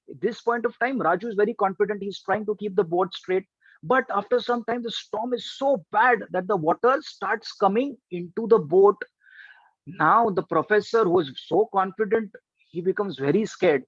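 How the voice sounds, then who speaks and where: A young Indian English-accented man, high-pitched, tells students a story in a lively way. He throws himself into the characters' lines with big swings up and down. The sound is dry and a little dull. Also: unhurried, no room sound. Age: young adult. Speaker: trainer and life coach. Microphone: online live session mic.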